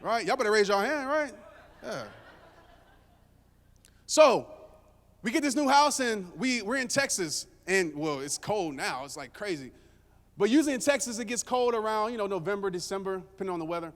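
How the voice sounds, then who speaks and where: A man with a high, expressive voice speaks at normal speed with long pauses as he gives a motivational speech on stage. Before a live audience, he tells a story casually and jokes with the crowd, and a long hall reverb colors the sound.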